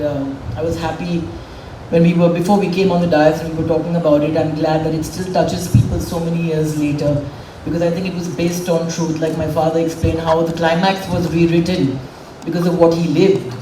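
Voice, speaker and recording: A woman's voice: sits low, mellow. A middle-aged woman speaks candidly and with emotion at a public event. Her voice is picked up from a distance in a roomy hall with reverb. Faint room noise hums behind her. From India. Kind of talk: public speech.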